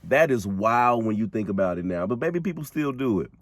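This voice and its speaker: Brief: male podcast host, casual slangy storyteller, low voice with very animated pitch. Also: a little fast, dry recording. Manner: animated, slangy, laughs often, addresses listeners directly. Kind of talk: casual true crime storytelling.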